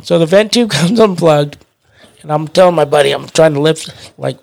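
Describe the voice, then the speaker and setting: Brief: man, somewhat high, gravelly voice, laid-back slangy storyteller. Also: normal speed. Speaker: podcast guest. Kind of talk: casual chat.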